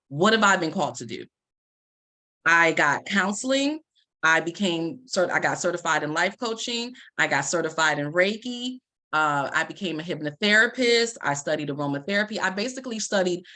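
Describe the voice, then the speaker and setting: A woman in her forties shares a personal story with an audience, acting out the lines she quotes. Her voice sits fairly low for a woman. She speaks with lively, expressive storytelling. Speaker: life coach and Reiki practitioner.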